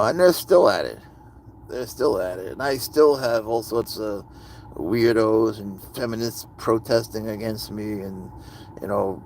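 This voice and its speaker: A man's voice: lowish voice, creaky, slight background noise. A man hosting a livestream, ranting angrily in a casual monologue, full of profanity. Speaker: livestream host.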